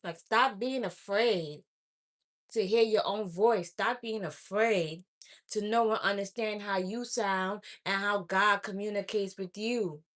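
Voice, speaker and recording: A woman's voice: medium pitch, fairly even intonation, takes it slowly, fairly bright tone. A woman speaking straight to her viewers as an oracle reader, blunt and preachy, scolding them and repeating her points. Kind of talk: direct-to-camera spiritual message.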